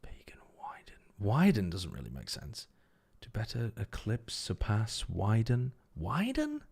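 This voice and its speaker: A man's voice: fairly low pitch, huge pitch swings, unhurried, vocal fry, darkish tone, slightly rough. A man hosting a casual livestream, thinking aloud as he works a word puzzle, repeating words under his breath and swearing casually. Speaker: stream host.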